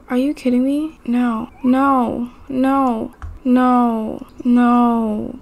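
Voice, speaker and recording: Chatty woman with a gravelly, high voice. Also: fairly even intonation, takes it slowly. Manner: chatty, talks to her Sims and viewers. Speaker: gaming YouTuber. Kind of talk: casual game commentary.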